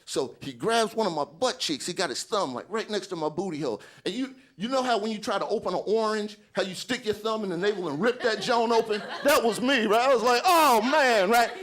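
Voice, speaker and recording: A man's voice: high voice, a little fast, hardly any pauses. A man in his forties doing stand-up, telling a story with acted-out voices and a constant "right?". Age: 40s. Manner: animated, acts out voices, keeps asking "right?". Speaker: stand-up comedian.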